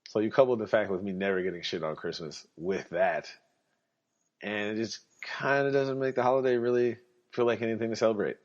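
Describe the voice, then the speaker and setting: A young man with a very low voice rants bluntly in a casual podcast monologue, swearing often and dripping with sarcasm. The recording sounds dull and lo-fi. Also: steady tone, fairly quick. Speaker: podcast host.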